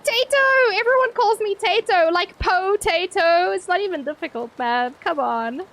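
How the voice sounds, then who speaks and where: A woman's voice: extremely high pitch, moderate pace. A young woman streaming live, chatting playfully with her viewers, swearing casually and laughing often.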